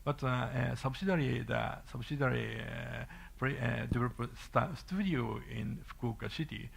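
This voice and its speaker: A man with a Japanese accent giving a halting conference talk and answering questions, with many fillers and restarts. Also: medium pitch, gravelly, slightly rough. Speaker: conference speaker.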